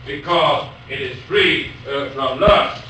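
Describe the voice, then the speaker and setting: A man giving a university lecture, reading poetry aloud slowly and otherwise talking haltingly with many pauses. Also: medium pitch, bright, forceful tone. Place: lecture hall. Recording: echoey hall from far off, faint noise.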